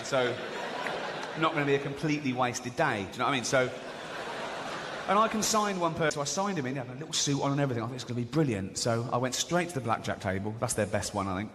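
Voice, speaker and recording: A middle-aged English man in the middle of a stand-up set, sounding mocking and chatty and often tripping over his restarts. His voice sits at an ordinary male pitch and carries a long reverb from a large hall, with loud ambient noise heard all around. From England. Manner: conversational, mocking, stammering restarts. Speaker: stand-up comedian. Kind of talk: stand-up routine. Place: large theatre stage. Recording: live hall with loud crowd. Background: loud audience laughter.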